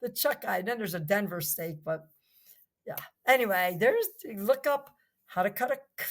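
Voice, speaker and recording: A woman's voice: medium pitch, lively intonation, normal speed. An older woman from New Jersey, a podcast guest chatting casually, enthusiastic and rambling, full of restarts. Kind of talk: casual chat.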